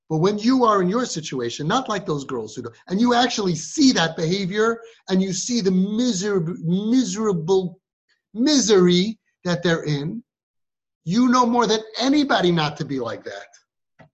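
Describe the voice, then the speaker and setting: A parenting guide, a man whose voice sits high with a breathy edge, speaks at normal speed and is very animated. He's giving a live talk to a group of girls who are siblings, hitting them with rhetorical questions, and the sound is muffled.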